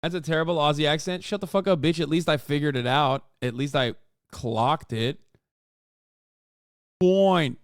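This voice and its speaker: A male streamer reacts to a video in loose, profane commentary that jumps between quick asides. His voice is fairly high and smooth. It sounds dry and close on the mic. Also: dry recording. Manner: profane, animated, quick interjections.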